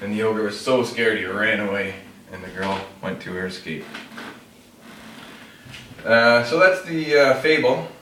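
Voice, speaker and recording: A lowish, bright, edgy male voice tells a fable casually, a little slowly and with frequent pauses, filling in with fillers and self-corrections as a storyteller demonstrating a classroom technique. Captured on a distant mic with roomy echo and slight background noise.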